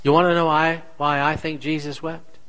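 A man preaching a sermon as pastor, slow and deliberate, asking the congregation rhetorical questions. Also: fairly high pitch, level tone, fairly bright tone, smooth, low-quality recording.

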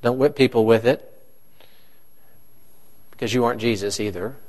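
A man's voice: medium pitch, moderate pace, darkish tone. A man, a pastor, preaching a conversational sermon and asking his congregation questions.

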